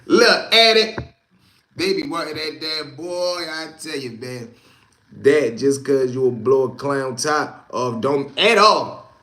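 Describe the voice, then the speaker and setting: A man's voice: fairly high pitch, takes it slowly, echoey room. A man with a Baltimore accent telling stories in a loose, slang-heavy way, acting out other people's voices. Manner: animated, slangy, acts out quoted voices loudly. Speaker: host. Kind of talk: casual storytelling.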